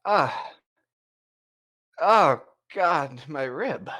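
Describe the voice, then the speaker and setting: A boastful cat-folk swordsman with a grand, theatrical manner, as a man voices him. The pitch leaps well above the voice's usual register and swings widely, and the delivery is showy and pleading by turns. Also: lively intonation, extremely slow, sharp tone, highs cut off, exaggerated voice. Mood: whining. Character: male cat-folk swashbuckler rogue, flamboyant and boastful.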